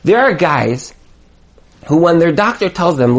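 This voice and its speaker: A man's voice: fairly high pitch, sing-song, measured pace. A man giving an emphatic motivational talk as a marriage coach, hammering home his points with repetition.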